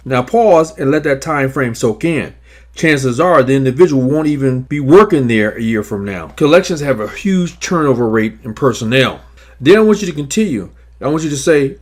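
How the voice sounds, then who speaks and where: A man narrating scripted instructions on negotiating debts, in a measured, emphatic coaching manner. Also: a little high, expressive. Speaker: credit repair advisor.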